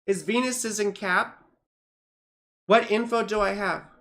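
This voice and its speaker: A woman astrologer chatting casually on a livestream, rambling with many fillers and grumbling at her software. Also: medium pitch, steady tone, a little slow. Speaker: astrologer reading charts on a livestream.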